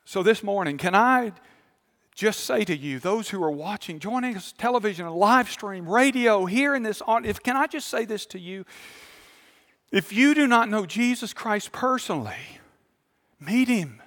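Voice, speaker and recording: A male pastor, preaching a sermon. He tells a story calmly, then builds to fervent appeals to the congregation. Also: high voice, moderate pace, in a large hall. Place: large church auditorium.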